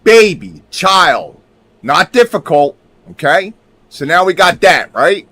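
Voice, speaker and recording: High, animated, and bright, this video creator's voice comes across slow and forceful, with no room sound. He narrates his screen casually, speaking with emphasis, cursing now and then, and keeping in touch with viewers throughout.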